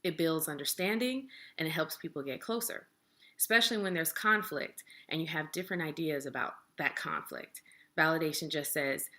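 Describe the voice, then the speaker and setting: Young adult woman, low pitch, bright and forceful tone, calm plain-spoken educator talking to camera. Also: moderate pace. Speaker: relationship educator. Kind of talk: casual explanatory talk to camera.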